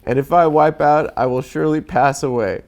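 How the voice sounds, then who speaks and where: Brave earnest young male hero, read by a man with a cold, higher pitched, plain read. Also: darkish tone, close to an everyday voice. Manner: plain reading, deliberately no accent. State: has a cold.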